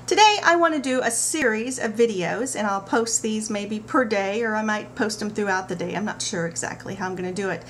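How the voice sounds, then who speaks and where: A middle-aged woman talking to camera about parenting, telling stories in an animated way with playful asides. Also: medium pitch. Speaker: parenting vlogger. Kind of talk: casual talk to camera. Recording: faint background noise.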